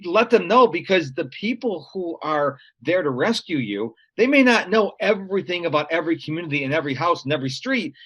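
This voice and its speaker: A man's voice: fairly high pitch, animated, a little fast, hardly any pauses, fairly bright tone, slightly rough. A man being interviewed, sharing practical stories and advice in an earnest, conversational way. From United States. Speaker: guest.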